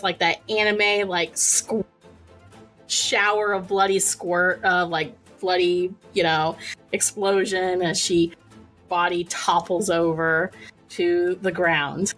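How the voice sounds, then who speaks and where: A woman's voice: medium pitch, a bit bright. A woman running a tabletop game as game master, narrating loosely with lots of fillers and frequent giggles.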